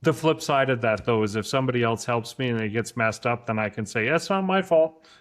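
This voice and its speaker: A man's voice: medium pitch, fairly even intonation, fast, fairly bright tone. A man hosting a casual podcast interview, hesitant and self-deprecating, with stumbling restarts. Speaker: podcast host. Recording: roomy echoey room sound.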